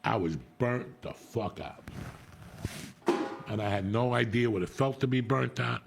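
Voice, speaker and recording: A man's voice: mid-range voice, measured pace, gravelly, over loud music. A middle-aged man, a comedian host telling a blunt, profane story in casual chat.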